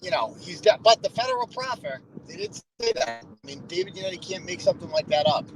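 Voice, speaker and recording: A man with a notably high voice talks in a loose, profane chat, sarcastic and exasperated as he mocks people. He is from Massachusetts and mimics others as he goes. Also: wildly swooping pitch, fast talker, slight background noise, rough recording. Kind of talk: casual profane commentary chat.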